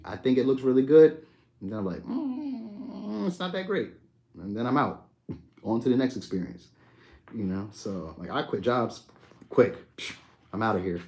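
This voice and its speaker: A young adult man hosting a live stream, chatting casually and answering viewers' comments by name in a relaxed, slangy way. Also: mid-range voice. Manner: laid-back, slangy, talks to viewers by name.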